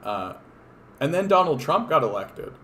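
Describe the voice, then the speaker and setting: A man's voice: a little high, very animated, moderate pace, bright, forceful tone, a little hiss or hum. A man from Canada hosting a political livestream, talking in a casual, rambling, profane and sardonic way with lots of fillers and restarts.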